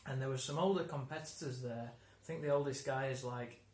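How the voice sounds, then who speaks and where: A man's voice: medium pitch, fairly even intonation, a little fast, a little mellow. A man explaining words in a conversational lesson, laughing and restarting often. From England. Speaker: English teacher. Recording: roomy room, faint ambience.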